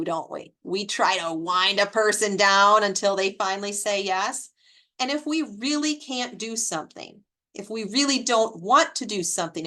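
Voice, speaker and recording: A woman giving an informal educational talk on caregiving, chatty and animated, with personal stories and rhetorical questions. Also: mid-range voice. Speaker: extension educator presenting a caregiving webinar.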